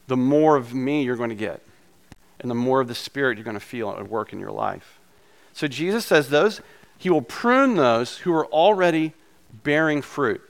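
A male pastor giving a conversational sermon, his voice slightly hoarse from a recent illness, with casual asides in his preaching. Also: mid-range voice.

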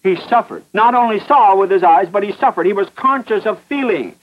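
A man with a high voice preaches with fierce emphasis, driving each point home through repetition and pointed questions. The sound is muffled and dull, like an old radio broadcast. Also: expressive, a little fast. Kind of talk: fervent radio sermon.

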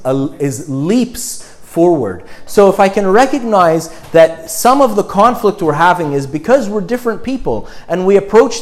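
A middle-aged man delivers a sermon in an easygoing, conversational way, pausing to ask "right?" and circling back on his phrases. His voice sits a little high for a man. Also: darkish tone. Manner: conversational, frequent "right?" check-ins.

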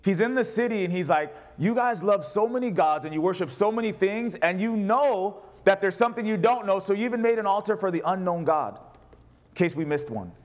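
A man's voice: sits high, lively intonation, brisk. A male pastor preaching a sermon, reading scripture aloud and putting questions to his congregation.

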